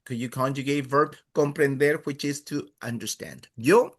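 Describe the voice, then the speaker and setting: A man's voice: medium pitch, moderate pace. A man teaching a beginner class, patiently walking students through verb conjugations with many fillers and check-ins. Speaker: Spanish teacher. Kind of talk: online class instruction.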